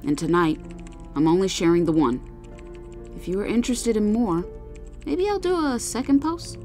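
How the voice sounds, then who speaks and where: A woman narrating a first-person horror story, calm and soothing when she speaks as the dispatcher. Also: medium pitch, moderate pace. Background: faint music.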